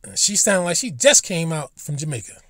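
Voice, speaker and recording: A man's voice: on the high side, sing-song, a little fast, a bit bright, breathy edge, no room sound, clean studio sound. A man ranting bluntly and profanely in a casual vlog monologue, recorded in a car. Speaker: vlogger.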